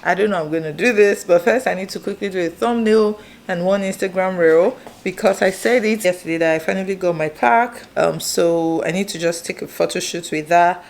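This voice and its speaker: In a casual vlog, a woman chats straight to her viewers on camera. Her voice is lowish and a touch dark, and she talks a little fast in a chatty way.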